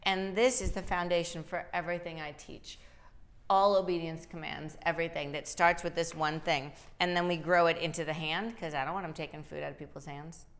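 A woman dog trainer with a fairly low, brisk voice answers viewers' questions in a live advice chat. She explains things in a lively way, often slipping into little acted-out voices for dogs and their owners.

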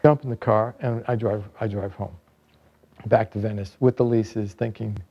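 A man in his sixties, an author and founder, telling a lively personal anecdote in a book trailer. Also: on the low side, normal speed, gravelly, highs cut off. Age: 60s. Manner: lively, vivid anecdote telling with bursts of excitement. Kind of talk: storytelling narration in a book trailer.

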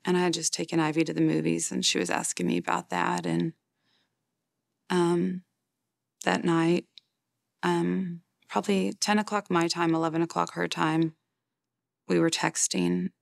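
Gravelly low-voiced woman in her forties. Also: level tone, dry recording, clean studio sound. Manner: halting and plain-spoken, many fillers and restarts. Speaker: grieving mother interviewed for a documentary. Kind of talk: personal testimony in an interview.

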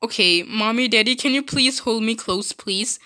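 A woman's voice: on the high side, normal speed, sharp tone, no echo, studio quality. A woman voicing a frightened little doll child. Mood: scared pleading.

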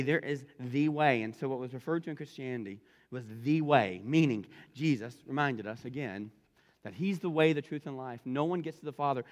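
Animated preaching man in a reverberant hall. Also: a little high. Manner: animated, repeats phrases for emphasis. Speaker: pastor. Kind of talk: sermon.

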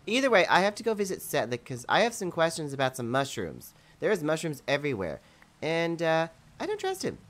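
A woman with a deep, low voice that swings widely in pitch as she chats through a video game session. She is playful and prone to rambling asides, and she is nursing a lingering cold. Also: sing-song, normal speed. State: has a cold. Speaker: video game player and channel host. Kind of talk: casual gameplay chat.

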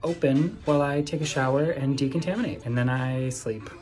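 A young man chatting casually to his phone camera at home, swinging from low mumbles to sudden excited squeals. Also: brisk, soft background music. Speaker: vlogger. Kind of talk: casual self-filmed vlog. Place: small apartment indoors.

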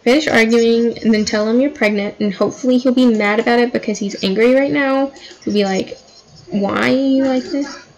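A woman's voice: on the high side, fairly quick, rough recording. A woman giving casual, chatty commentary while playing a life-sim game, dramatizing her characters' fights. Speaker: gameplay commentator.

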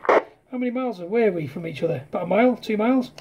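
Man, raspy and slightly high, keeps his voice down on a close CB radio mic. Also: expressive, rapid-fire, dull audio. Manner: talks close to the mic and quietly, with CB slang. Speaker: CB radio operator. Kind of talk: casual CB radio chat. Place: home at night, partner asleep. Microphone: close to radio handset mic.

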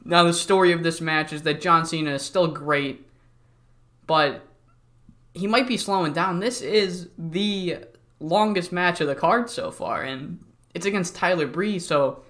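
Bright-voiced young man narrating a wrestling game. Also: on the high side. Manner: jokey, rambling, swears. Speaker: let's-play host. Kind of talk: casual game commentary.

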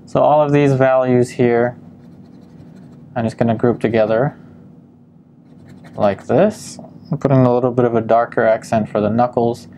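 Gravelly, mellow-voiced man teaching painting. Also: mid-range voice, normal speed, long pauses, slight background noise. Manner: calm step-by-step explaining with frequent ums. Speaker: painting instructor. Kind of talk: narrated painting demonstration.

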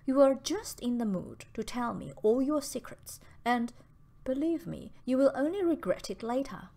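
A woman reading the part of a sensible young woman in an audiobook, firm and gently chiding. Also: fairly high pitch. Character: brisk, sensible young woman, kindly teasing.

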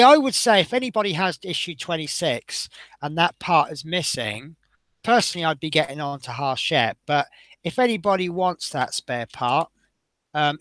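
A man's voice: fairly high pitch, fairly bright tone, no room sound. A man chatting casually as he builds a scale model, rambling and often breaking off mid-sentence. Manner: chatty, rambling, self-interrupting.

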